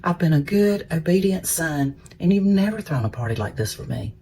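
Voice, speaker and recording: A man voicing a resentful, dutiful older son who complains to his father, with his pitch raised a little. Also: expressive, normal speed, mellow, a little hiss or hum. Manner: complaining, aggrieved.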